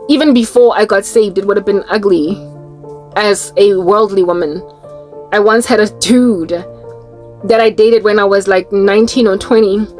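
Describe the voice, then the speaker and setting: A South African woman telling a personal story in a casual chat to her viewers, animated and quick to laugh. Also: medium pitch. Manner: animated, breaks into laughter, slips into Tswana and Zulu words. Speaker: Christian YouTuber.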